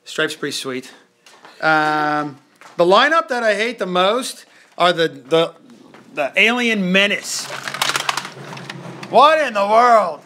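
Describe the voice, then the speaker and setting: A man in his thirties, a dad hosting a live family toy stream from home, chatting loosely with his kids and reading viewer comments fast, joking and tripping over his words. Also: high voice, expressive, pushed and bright, slight background noise. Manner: loose, joking, reads comments quickly and stumbles. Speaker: family channel host, dad. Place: home, indoors.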